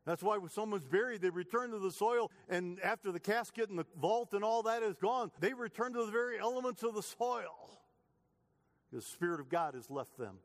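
Man, pastor, emphatic sermon delivery, high voice, church hall reverb. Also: expressive, normal speed. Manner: emphatic, rising passion when quoting psalms.

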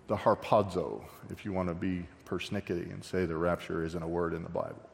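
A man preaching a verse-by-verse sermon in a church sanctuary, his voice carrying a long hall reverb. He talks with the congregation more than at them, with jokes and quick asides. Loud, emphatic stretches alternate with softer, quieter ones. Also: deep voice, steady tone, gravelly, a little hiss or hum. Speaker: pastor. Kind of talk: expository sermon.

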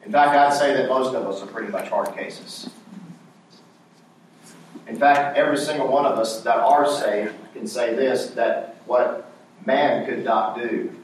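A man's voice: mid-range voice, a little slow, a little hiss or hum. A man preaching a sermon in church, posing questions for the congregation to answer back. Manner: call-and-response questions to the congregation. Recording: very echoey church hall, voice from far off.

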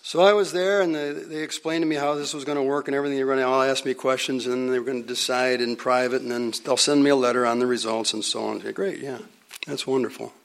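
A man preaching a sermon, telling a personal story with dramatic pauses and sometimes dropping almost to a whisper. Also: medium pitch, fairly even intonation, gravelly.

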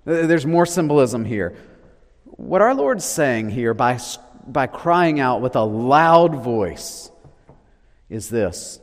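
A man preaching a sermon, swinging from loud declarations to hushed, low lines. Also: big pitch swings, slow. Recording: long reverb of a large hall.

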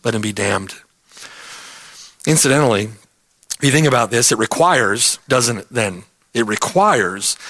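A man's voice: medium pitch, bright, forceful tone. A man preaching an expository sermon in an emphatic, earnest way, repeating his key points for stress.

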